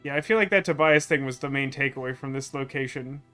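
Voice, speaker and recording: A man's voice: medium pitch, fast talker, sharp tone, faint music behind. A young man rambling through casual gameplay commentary as a let's play host, full of fillers. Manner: chatty, rambling with many fillers.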